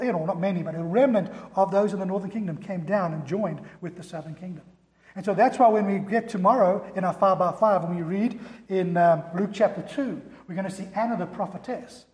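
High-voiced pastor in an echoey hall. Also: male voice. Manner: animated storytelling. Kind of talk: sermon.

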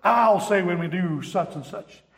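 A bossy, self-important cartoon hound dog barks out orders in a raised, high voice, put on by a man. The sound carries the long reverb of a big hall. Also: measured pace, vocal fry. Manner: pompous, insistent.

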